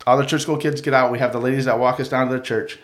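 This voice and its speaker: A man's voice: medium pitch, very fast. A man tells a childhood story to friends on a podcast, loose and chatty. He jumps into the voices of the people in the story as he goes. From Mohawk community of Akwesasne. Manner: animated, acts out the people in his stories. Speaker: podcast co-host telling a story. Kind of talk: casual storytelling.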